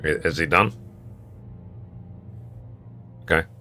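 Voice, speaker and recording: A man's voice: extremely low pitch, fast talker, bright, forceful tone, soft background music. A man giving casual commentary while streaming a video game, musing aloud to himself between hesitations.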